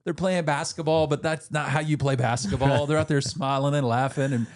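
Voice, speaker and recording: A man's voice: fairly high pitch, fairly even intonation, brisk. A man co-hosting a podcast, telling stories in casual chat, acting out the voices he quotes and laughing often. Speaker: podcast co-host.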